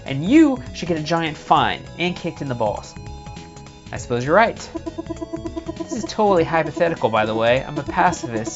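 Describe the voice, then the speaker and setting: A man casually chatting and joking while streaming a game, rambling into comic rants. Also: fairly high pitch. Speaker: streamer playing a visual novel. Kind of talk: casual live-stream banter. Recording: slightly dull lo-fi stream audio with faint music.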